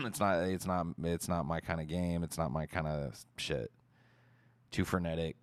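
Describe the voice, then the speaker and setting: A man streaming, casually answering viewer questions in a relaxed, rambling way and swearing freely. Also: low voice, moderate pace, clean tone, dry recording.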